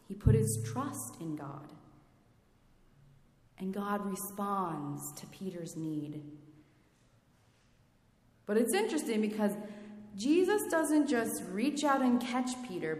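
A woman preaching a sermon in a reflective way, asking her listeners questions. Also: mid-range voice. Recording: echoey hall with long reverb.

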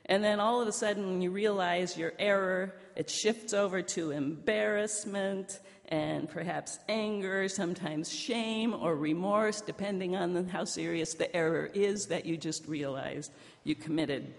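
A woman's voice: fairly low pitch, vocal fry. A woman pastor preaching a sermon, telling a personal story in a conversational way. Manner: conversational storytelling, lively in the punchlines. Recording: long hall reverb.

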